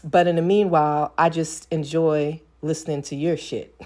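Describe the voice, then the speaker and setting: A woman podcaster chatting casually as a guest, giggly and animated. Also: low-pitched, unhurried. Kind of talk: casual chat.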